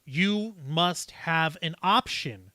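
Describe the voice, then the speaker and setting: A man's voice: a little high, expressive, slow pace, bright, forceful tone, dry recording. A man hosting a casual livestream discussion, explaining things at length with fillers and restarts. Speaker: livestream host.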